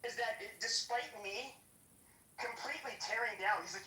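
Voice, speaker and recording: A woman's voice: fairly high pitch, expressive, moderate pace, sharp tone. Woman ranting profanely in a roomy distant mic. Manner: profane, mocking, confrontational. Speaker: podcast host. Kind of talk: heated call-out rant. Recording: roomy, distant, faint noise.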